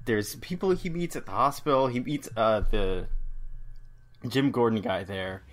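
A man co-hosting a casual comic book podcast, recapping plots with quick character impressions. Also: mid-range voice. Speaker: podcast co-host.

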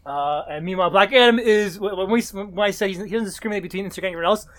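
Fast-talking excitable man. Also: sits high. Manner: excitable, swears freely, acts out quotes. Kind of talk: casual chat recapping a comic.

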